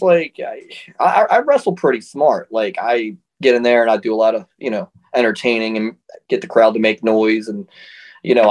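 A man in an interview, a professional wrestler telling stories in a relaxed, chatty way and laughing often. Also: mid-range voice. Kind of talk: casual storytelling.

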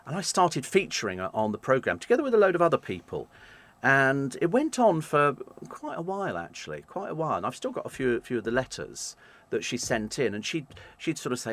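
Male radio host, animated anecdote teller, very expressive pitch. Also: fairly quick. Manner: animated anecdotes, acts out quoted voices. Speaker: radio presenter. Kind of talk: storytelling in an interview.

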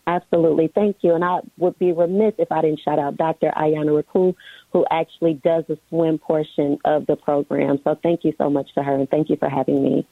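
A woman's voice: low voice, level tone, fairly quick, no echo. A woman guest in a radio interview, friendly and informal, with frequent ums. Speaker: guest, swim program founder. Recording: tinny phone line.

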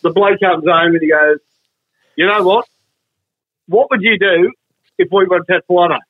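A man rambles through jokes, repeating himself. His voice is high and husky, and it comes through a dull, dry, muffled line. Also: normal speed, dry recording. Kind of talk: casual storytelling banter.

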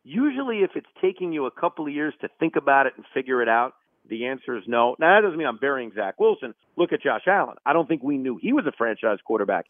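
A man's voice: mid-range voice, quick pace, no echo. A man who is a sports radio host, giving emphatic, opinionated takes as an interview guest. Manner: emphatic, opinionated, animated bursts. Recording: tinny phone line.

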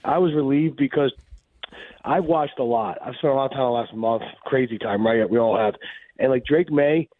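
A man's voice: mid-range voice, no room sound. A man calls into a sports radio show, his voice shaky and tired. He halts and repeats himself constantly, and it all comes through a thin, phone-like line. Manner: halting, stumbling, repeats words. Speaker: caller. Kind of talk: rambling call-in.

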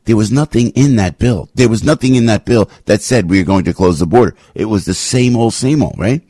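A man hosting a talk radio show, delivering an opinionated rant that keeps repeating itself and suddenly leaps up into a high pitch. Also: a little fast, mellow, dry recording. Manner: ranting, repetitive, sudden jumps to a high pitch. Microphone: studio radio microphone.

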